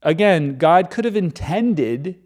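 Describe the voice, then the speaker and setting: A man's voice: high-pitched, expressive, slow, a little mellow. A man reading scripture aloud and adding irreverent, sarcastic commentary.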